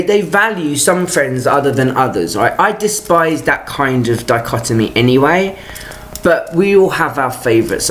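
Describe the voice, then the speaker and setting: In this ranting personal vlog, the speaker's medium-pitched voice airs a personal grievance in exasperated, profane fashion, full of stop-start bursts and restarts. A slight hiss or hum is audible.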